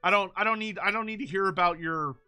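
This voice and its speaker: A man's voice: sits high, quick pace, sharp tone, smooth, faint music behind. A man hosting a casual meme review, rambling with frequent swearing and mock-outraged rants. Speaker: YouTube host reviewing fan memes.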